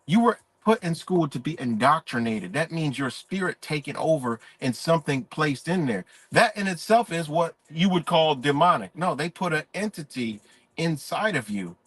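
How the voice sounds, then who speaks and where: A man holds forth in a live-stream monologue, preachy and emphatic, swearing freely. His voice sits a little high for a man. The sound is dry and close. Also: expressive, normal speed, a bit bright, husky, no echo.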